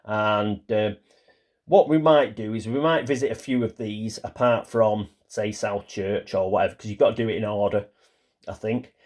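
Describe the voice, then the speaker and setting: A man's voice: on the low side, normal speed, darkish tone. A man talking casually through a solo board game, reading card text aloud and sometimes stumbling over the small print. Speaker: board game player and channel host.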